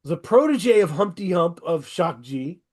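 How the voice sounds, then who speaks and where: A man's voice: high voice, very animated, a little slow, darkish tone. A middle-aged man hosting a podcast, chatting casually and eagerly recommending music to his guests. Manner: enthusiastic, rambling recommendations. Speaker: podcast host. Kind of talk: casual interview chat.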